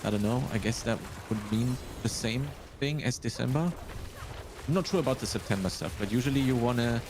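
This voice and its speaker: A man with a German accent in casual live-stream chat, reasoning his way through things out loud. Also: medium pitch, a little fast, background noise. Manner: thinks aloud, working things out step by step. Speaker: streamer and host.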